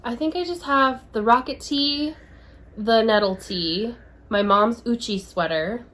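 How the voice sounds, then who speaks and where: A woman co-hosting a knitting podcast, talking in a relaxed, hesitant way with lots of ums. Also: on the high side, unhurried. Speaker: podcast co-host. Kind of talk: casual knitting podcast chat.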